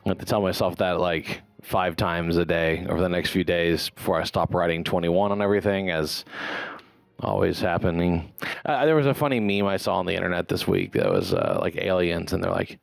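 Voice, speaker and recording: A man's voice: sits low, animated, a little fast, vocal fry, dry recording. A man hosting a podcast, joking and rambling with lots of restarts and fillers in casual banter. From Texas. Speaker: podcast host.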